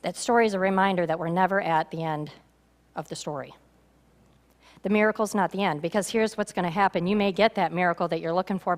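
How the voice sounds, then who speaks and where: A woman pastor preaching a sermon in a church, animated and acting out the voices of a story. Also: lowish voice. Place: church sanctuary. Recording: reverberant church hall.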